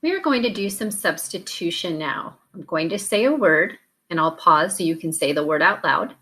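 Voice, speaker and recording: A woman teacher leading a recorded classroom warm-up drill, slow and deliberate, pausing between prompts. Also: lowish voice, expressive.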